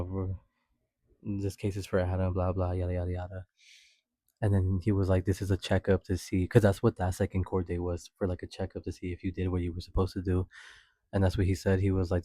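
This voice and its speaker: A young man hosts a podcast, telling a personal story in a mellow voice with no echo. He's chatty, swears a lot, laughs as he goes, and acts out quotes in a high voice.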